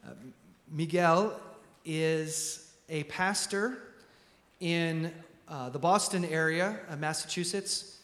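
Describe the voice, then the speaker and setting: Male church host, slightly high voice, halting delivery, echoey sanctuary. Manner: warm, halting, many ums and restarts. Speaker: pastor hosting a church service. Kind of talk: church announcement from the pulpit.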